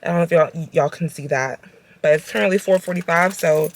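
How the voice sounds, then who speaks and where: A woman's voice: sits low, fairly quick, a little hiss or hum. A young woman chatting casually to her viewers from her car on the way to the gym, upbeat and talkative. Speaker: vlogger. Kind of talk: casual vlog chat.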